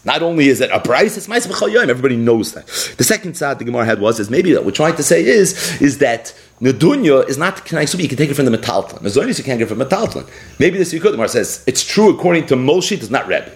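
A man's voice: mid-range voice, very animated, fast talker. A man teaching a Talmud class in an explanatory way, mixing English with Hebrew and Aramaic terms. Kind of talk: daily Talmud page class.

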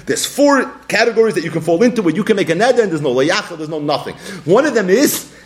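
A man with a Yeshiva English accent teaching a Talmud class, animated and acting out little scenes in different voices. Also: sits high, quick pace.

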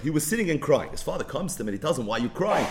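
A man teaching Talmud in peppered with Hebrew and Yiddish, telling the story with animated delivery. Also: fairly high pitch, rapid-fire. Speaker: Torah teacher. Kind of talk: Talmud lecture.

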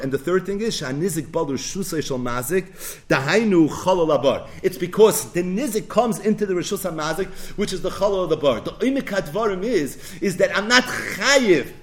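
A man giving an animated Talmud lecture, asking rhetorical questions and answering them himself. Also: high-pitched. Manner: lively, asks and answers his own questions. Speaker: Talmud teacher.

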